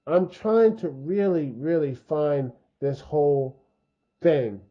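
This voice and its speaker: A man's voice: a little high, animated, slow. Rambling man with a dull lo-fi mic. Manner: rambling, many fillers and restarts; frustrated, heated. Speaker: video commentary host. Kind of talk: unscripted opinion commentary.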